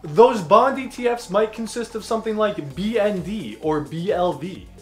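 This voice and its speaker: A man's voice: normal speed, a bit bright, roomy sound. A man voicing a nervous, overly cautious investor with an odd put-on accent. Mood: anxious. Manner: fretful, high-strung. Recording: faint background music.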